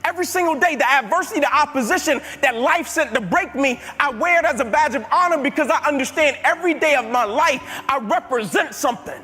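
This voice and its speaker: A man's voice: very high voice, expressive, quick pace, hardly any pauses, sharp tone. A man giving a live motivational speech to an audience, emphatic and building his points through repeated phrases. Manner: emphatic, repetitive building cadences. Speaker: motivational speaker. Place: large hall before an audience. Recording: reverberant hall with music underneath.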